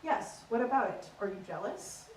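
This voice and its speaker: A woman's voice: on the high side, lively intonation, moderate pace, distant mic, slight background noise, natural voice. A woman doing a prim posh English voice. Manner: stiff, proper, understated. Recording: roomy stage sound from afar.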